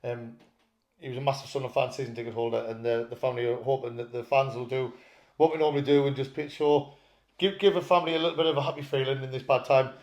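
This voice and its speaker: A man's voice: medium pitch, fairly even intonation, fast, a little mellow, roomy sound. A man, co-hosting a casual football chat and telling chatty anecdotes. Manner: chatty storyteller, laughs while telling anecdotes. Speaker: football podcast co-host.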